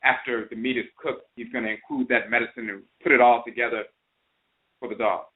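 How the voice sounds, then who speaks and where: A man's voice: medium pitch, steady tone, fairly quick. Male radio host on a tinny phone line. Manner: repetitive, emphatic explaining. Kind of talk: storytelling and explaining terms.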